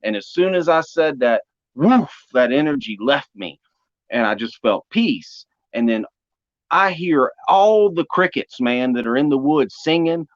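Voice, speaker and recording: Man telling an animated testimony story. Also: fairly high pitch, unhurried, no room sound. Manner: animated, acts out quotes. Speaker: speaker giving testimony. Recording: dry, dull lo-fi audio.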